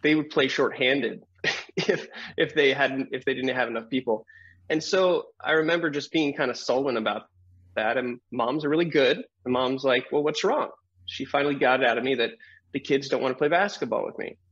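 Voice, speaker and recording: A middle-aged man, a guest on an interview show, telling a personal story in a lively way, acting out the voices of people in it and laughing often. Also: mid-range voice, fairly quick, husky, muffled recording.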